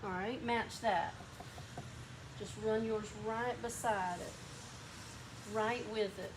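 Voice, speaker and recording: A woman's voice: on the high side, steady tone, takes it slowly, noisy background. A woman with a lazy Southern drawl hosting a painting demo in a workshop, chatting and coaching a helper as she works. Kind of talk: hands-on demonstration.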